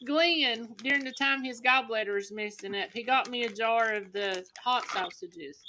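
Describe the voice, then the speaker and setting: A woman's voice: a little high, normal speed, bright, forceful tone, a little hiss or hum. A woman, chatting casually with family and laughing often as she tells stories. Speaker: host.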